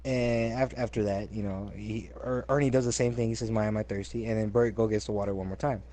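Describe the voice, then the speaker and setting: Animated young man telling stories. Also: lowish voice, fairly quick, slight background noise. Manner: animated storyteller, repeats words, acts out quotes loudly. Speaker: co-host telling work stories. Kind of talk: casual chat.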